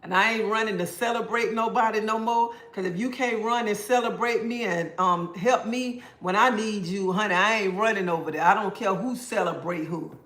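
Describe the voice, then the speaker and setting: A man's voice: high-pitched, moderate pace, few pauses, a bit bright. A man hosting a casual livestream, answering viewer comments and giving preachy life advice. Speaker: livestream host. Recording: roomy echo.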